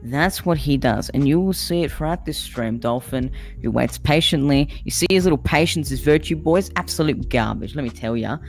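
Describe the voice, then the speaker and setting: A woman's voice: extremely low pitch, expressive, normal speed, hardly any pauses, a little mellow, soft background music. A woman co-hosting a game stream, chatting casually and teasing her friend with mock insults. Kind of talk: casual gaming stream chat.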